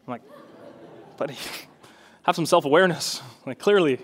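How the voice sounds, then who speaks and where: Young male pastor, high voice, earnest preaching with fervent peaks. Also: fast, long pauses. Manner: earnest, rising to fervent emphasis. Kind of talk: sermon.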